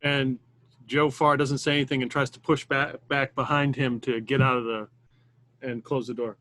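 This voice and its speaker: A man's voice: medium pitch, level tone, moderate pace, fairly bright tone. A man playing a tabletop role-playing game, speaking in terse, clipped lines as his character. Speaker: player.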